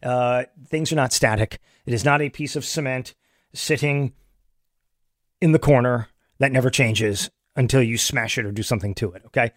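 A man giving opinionated political commentary in an animated way, with many restarts. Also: medium pitch, normal speed, no room sound, studio quality.

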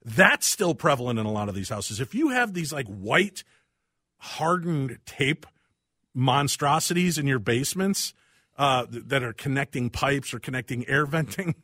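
A male host tells stories with lively, self-mocking energy. He is recorded close on a dry mic with no room sound. His pitch sits in the middle for a man. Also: moderate pace, dry recording. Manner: animated, self-deprecating storyteller. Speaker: radio show host. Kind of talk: casual chat.

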